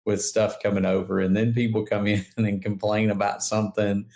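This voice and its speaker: Chatty man with a low voice. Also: flat delivery, normal speed, darkish tone. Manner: chatty, lots of fillers and laughs. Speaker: podcast co-host. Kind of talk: casual chat.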